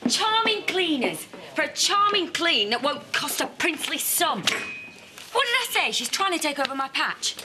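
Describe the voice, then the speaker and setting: An actress playing a sharp, sarcastic, defensive woman in a TV soap. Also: high voice, sing-song, moderate pace, heavy background noise. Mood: bitter. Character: bitter, defensive woman rival cleaner.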